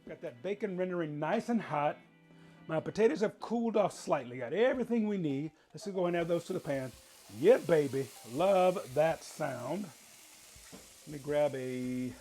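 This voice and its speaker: A man's voice: on the high side, a little mellow. A man hosting a cooking show, chatting folksily to viewers as he demonstrates.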